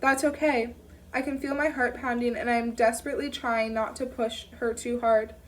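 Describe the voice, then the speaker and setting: A woman's voice: on the high side, a little fast, far from the mic, a little hiss or hum. Woman reading an audiobook aloud. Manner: steady reading with occasional self-corrections. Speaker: audiobook reader. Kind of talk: first-person audiobook narration.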